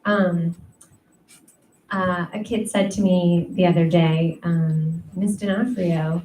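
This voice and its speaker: A young woman doing a stand-up set, talking slowly and loosely, filling her pauses with "um" and "like." Her voice sits a bit back from the mic in an echoey room with faint noise underneath. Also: on the low side, fairly even intonation, warm tone, distant mic. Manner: chatty, self-deprecating, many ums and likes. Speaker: stand-up comedian.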